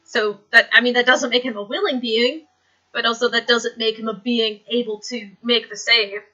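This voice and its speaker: A woman's voice: fairly high pitch, fairly even intonation, moderate pace, pushed and bright, highs cut off. A woman narrating a tabletop game as dungeon master, rambling through descriptions with many fillers.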